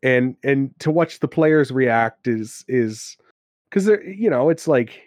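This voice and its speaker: A man telling stories from his tabletop games on a podcast. He is animated, laughs often and slips into character voices. His voice sits mid-range and the sound is dry and close. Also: mid-range voice, measured pace, dry recording. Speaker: podcast co-host and game master. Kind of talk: casual chat about tabletop games.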